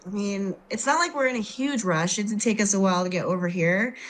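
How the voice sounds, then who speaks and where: Woman player voicing her character, chatty and rambling, mid-pitched. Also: brisk, a little hiss or hum, low-quality recording. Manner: chatty and rambling, with many I means. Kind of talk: playing a tabletop game in character.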